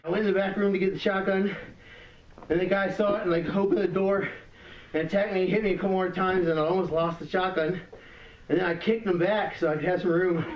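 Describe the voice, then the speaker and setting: Shaken, winded man on a muffled, echoey emergency call recording, heard from a distance, slightly high voice. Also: steady tone. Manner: shaken, rambling, halting with fillers. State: out of breath. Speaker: 911 caller.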